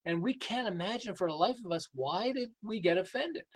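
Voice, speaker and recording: An older man speaks as an interview guest, telling workplace and family stories with lots of energy. His voice sits high for a man, and he acts out the other people in his stories and laughs often. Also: expressive, brisk, slightly rough, poor audio. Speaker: guest, sales and behavior coach. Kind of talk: lively interview storytelling.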